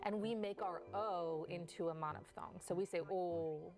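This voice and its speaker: A woman's voice: lowish voice, moderate pace. A woman dialect coach explaining and demonstrating vowel sounds in a news interview. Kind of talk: interview clip. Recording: news clip with music under it.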